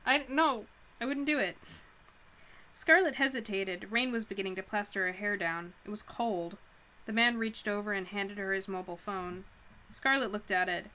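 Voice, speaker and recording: A woman reading a novel aloud for a live audience, with a bright, crisp voice. She breaks off often for casual, chatty asides and reactions. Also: medium pitch. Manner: stops to comment and react informally. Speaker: streamer reading a book aloud.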